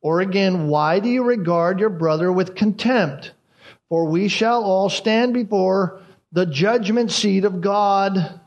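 A high-pitched man preaches a sermon at an unhurried, measured pace. He is deliberate and says his key phrases twice so they sink in. It sounds like a pastor teaching a congregation. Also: dull audio. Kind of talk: expository sermon.

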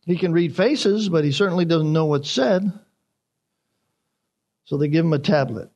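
A man preaching an expository sermon, animated, acting out the crowd's reactions as he retells the story. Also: on the high side, normal speed.

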